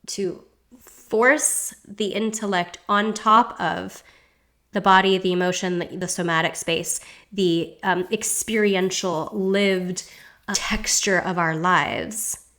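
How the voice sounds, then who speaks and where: A woman's voice: mid-range voice, steady tone, slow, a bit bright. A woman hosting an astrology show, musing aloud in a reflective, circling way with frequent rhetorical checks. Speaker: astrology podcast host. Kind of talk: reflective podcast monologue.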